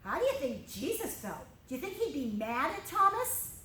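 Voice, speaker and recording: A woman's voice: high-pitched, sing-song, a little fast, sharp tone, echoey room, poor audio. A woman teaching a children's church lesson, telling a Bible story expressively and speaking directly to the kids while she draws. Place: church room.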